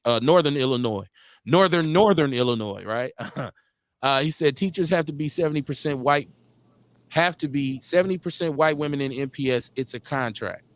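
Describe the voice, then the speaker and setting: A man hosts a talk radio show, worked up and profane. He hammers his points with rhetorical questions. His voice sits high and sounds dry and close to the mic. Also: dry recording. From Milwaukee, Wisconsin. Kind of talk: heated political talk radio rant.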